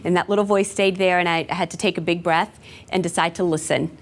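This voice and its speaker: A new high school principal, a woman in her forties, answers interview questions earnestly and reflectively. She uses frequent fillers. Her voice is fairly low and steady, and she speaks a little fast.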